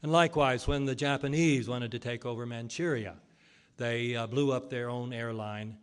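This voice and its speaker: A man's voice: mid-range voice, fairly even intonation, normal speed, clean tone. Man giving an argumentative lecture. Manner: argumentative, rhetorical questions. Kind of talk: public lecture.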